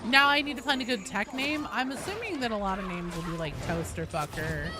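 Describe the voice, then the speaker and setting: A woman's voice: mid-range voice, expressive, a little fast, noisy background. Rambling woman game streamer. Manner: nerdy, rambling, full of fillers. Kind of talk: casual live-stream chat.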